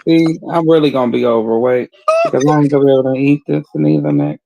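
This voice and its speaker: A man chatting casually on a livestream, making wry, sarcastic jokes in a drawn-out delivery. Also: mid-range voice, vocal fry, highs cut off, background noise. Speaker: stream co-host. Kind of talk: casual gossip chat.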